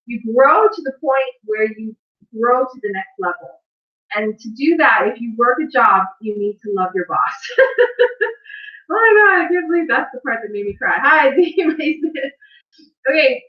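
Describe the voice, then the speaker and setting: Woman, motivational talk, earnest and tearful, fairly high voice, far from the mic, echoey dull recording. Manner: earnest, tearful, laughs often. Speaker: host of a live stream on wealth. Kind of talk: emotional motivational talk to live viewers. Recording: distant roomy mic, dull sound.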